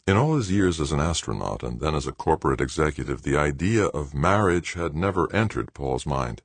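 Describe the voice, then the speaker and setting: Male audiobook narrator, measured, husky, gravelly, dry close sound. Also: extremely low pitch, animated, no room sound. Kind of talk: scripted narration.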